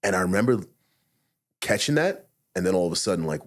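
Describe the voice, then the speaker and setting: Deep, husky, fast-talking retired cop. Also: male voice. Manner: blunt, profane, animated retelling with acted-out inner quotes. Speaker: retired police officer, podcast guest. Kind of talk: casual storytelling interview.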